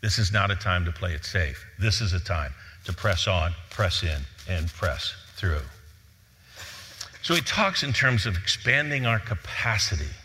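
A pastor preaching an animated sermon and reading scripture aloud. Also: male voice, sits low, measured pace, big-room sound.

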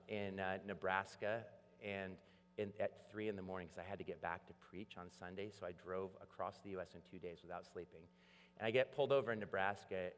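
A man preaching a sermon, telling a story with lively acted-out voices. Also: sits low, a little hiss or hum. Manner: animated storytelling, acts out voices. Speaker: pastor. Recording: long hall reverb.

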